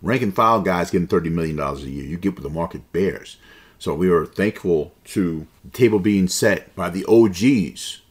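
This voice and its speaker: A man's voice: low-pitched, normal speed. A man in his forties hosting a basketball podcast, opinionated and conversational, with slang asides. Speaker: podcast host. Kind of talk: casual basketball commentary.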